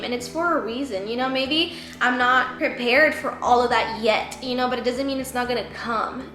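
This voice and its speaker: A woman's voice: high-pitched, a bit bright, reverberant. A woman in her twenties, a boutique owner, giving a heartfelt and emotional motivational talk, rambling and teary with her voice cracking. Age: 20s. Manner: emotional, rambling, says "like" and "you know" a lot.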